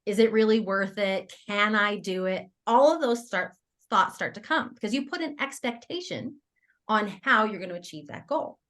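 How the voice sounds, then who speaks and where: Woman, podcast guest, mid-pitched voice, casual storytelling, animated, laughs a lot, quotes her own thoughts. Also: normal speed. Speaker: guest entrepreneur. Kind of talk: conversational storytelling interview.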